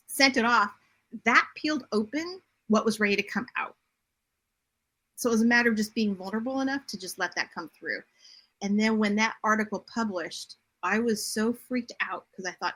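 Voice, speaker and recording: A middle-aged woman talking as a podcast guest, telling her story in a direct, animated way. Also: mid-range voice, normal speed. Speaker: podcast guest, bodymind coach and writer. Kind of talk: casual interview chat.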